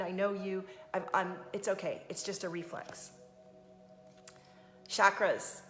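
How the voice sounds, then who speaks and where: A woman coach speaks softly and soothingly to her live-stream viewers, chatting casually and greeting them by name. Her voice carries a roomy echo, as if she is in a bare room. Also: on the low side.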